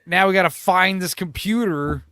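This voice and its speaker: A man's voice: sits high, normal speed, pushed and bright, no room sound, clean studio sound. A man casually discussing a movie with a friend, animatedly retelling scenes and acting out the characters. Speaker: podcast co-host.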